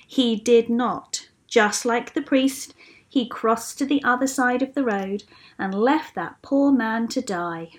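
A woman voicing Jesus as a calm, kindly male teacher in a read-aloud storybook, speaking gently and patiently. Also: a little high, unhurried, voice pushed up, natural voice.

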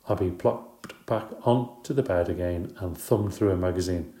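A man's voice: deep voice, normal speed, mellow, reverberant. A man narrating a children's story in the first person, in a light, chatty, playful way. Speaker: audiobook narrator.

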